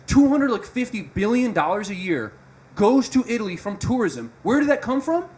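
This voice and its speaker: A man's voice: high-pitched, sing-song. A young man with a Midwestern accent ranting on a casual podcast, swearing and laughing as he makes his point. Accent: Midwestern American. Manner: fast, swearing, laughing, emphatic. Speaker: podcast host.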